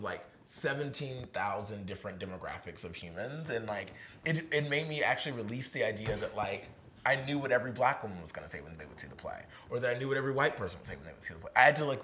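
A young man from Virginia rattles along at a rapid clip, filling his sentences with "like" and slipping into the voices of people he quotes. His delivery is casual and animated, a guest talking onstage. A faint hiss of noise sits under the recording. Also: medium pitch. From Virginia, USA. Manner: fast, animated, heavy use of "like", acts out quoted voices. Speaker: playwright, interview guest. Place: historic barn, live event.

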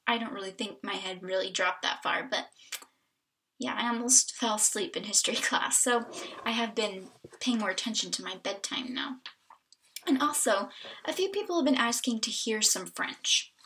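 A woman's voice: fairly high pitch, moderate pace. Chatty woman filming a vlog. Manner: chatty, animated storytelling with fillers. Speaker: vlogger on an exchange stay. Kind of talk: casual vlog chat. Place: home indoors and walking outdoors. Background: wind noise outdoors.

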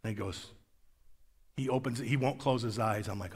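A man's voice: medium pitch, normal speed, fairly bright tone, breathy edge, in a large hall. A man preaching as a guest pastor, telling a story in an emphatic, conversational way on a church stage. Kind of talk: sermon.

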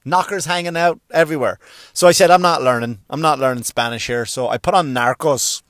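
A middle-aged man doing a stand-up monologue, swearing freely and jumping into high voices to act out characters. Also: fairly quick, dry recording, studio quality. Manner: animated, swearing, acts out characters with sudden pitch jumps. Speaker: stand-up comedian.

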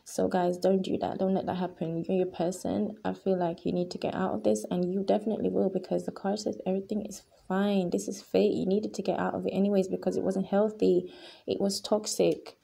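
Husky, gravelly-voiced woman reading tarot. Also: mid-range voice, flat delivery, brisk, warm tone. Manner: emphatic and repetitive, often addressing viewers as guys; earnest and emotional. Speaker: tarot reader. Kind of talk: pick-a-card tarot reading to viewers.

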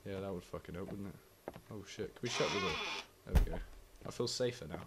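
At home in his flat, a young gaming YouTuber swears and cracks jokes while playing a horror game for let's-play commentary, reacting jumpily. His voice is low-pitched and brisk with vocal fry, and the audio is very noisy.

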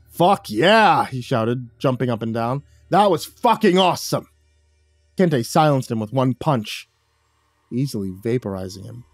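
A man narrating a first-person horror story with dramatic delivery, dropping low and soft on the grim lines. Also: dry recording.

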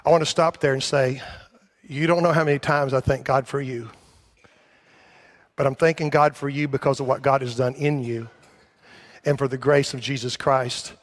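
A man's voice: mid-range voice, steady tone, moderate pace, long pauses. A man preaching a sermon to his church, rambling and self-deprecating, then rising to emphatic calls for a response. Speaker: pastor. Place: church sanctuary.

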